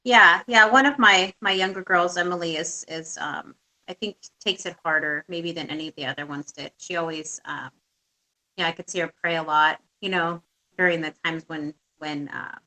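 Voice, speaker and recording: A woman with a lower-pitched, bright and forceful voice talks as a guest in a personal conversation. She speaks reflectively and haltingly, pausing often as she gathers her thoughts. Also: poor audio. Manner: reflective and halting, many pauses.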